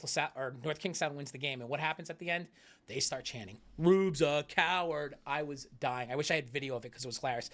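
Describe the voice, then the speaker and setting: A man co-hosting a casual sports talk show, joking about himself in an upbeat way. His voice sits a little high and sounds bright. He talks very fast.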